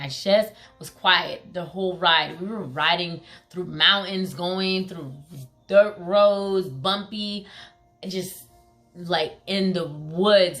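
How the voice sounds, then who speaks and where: A woman's voice: on the low side, fairly bright tone. A young woman telling a personal story in a casual vlog, talking with lots of "like" and filler words. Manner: emphatic, heavy use of "like" and fillers; acts out quoted pleas in a raised voice.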